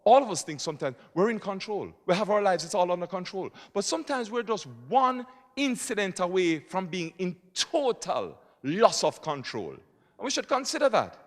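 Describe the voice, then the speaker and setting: A man, a poet and lawyer, giving a public talk at a conference and moving between quiet asides and emphatic points. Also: sits high. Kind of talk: public speaking. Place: conference hall. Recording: reverberant hall.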